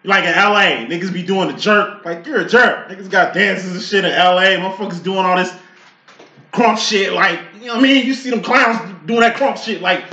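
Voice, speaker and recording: Guy late 30s doing a tarot reading, high voice, cussing and rambling, echoey room. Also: normal speed, dull audio. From Chicago. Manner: profane, rambling, bursts into loud outbursts. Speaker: tarot reader. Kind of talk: casual tarot reading talk.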